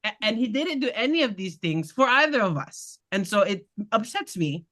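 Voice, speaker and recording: Woman candidate, punchy bright voice, blunt and fired up at a town meeting. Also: mid-range voice, big pitch swings, normal speed. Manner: passionate, blunt, laughing asides. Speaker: political candidate. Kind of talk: community meeting talk.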